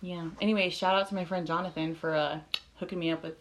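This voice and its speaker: A woman's voice: fairly low pitch, fairly even intonation, quick pace, heavy background noise. A woman co-hosting a podcast, casually recounting a crime story with lots of fillers and frank swearing. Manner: filler-heavy, swears freely, laughs often. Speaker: podcast co-host. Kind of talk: casual true-crime chat.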